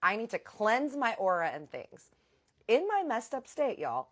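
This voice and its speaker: A woman telling a dramatic personal story in a casual vlog, animated and talking straight to her viewers. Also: lowish voice, brisk.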